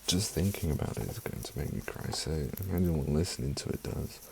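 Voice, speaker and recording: Low gravelly rambling male vlogger. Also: expressive, a little fast, dark tone, a little hiss or hum, rough recording. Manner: rambling, emotional, swears often. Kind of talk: casual chat.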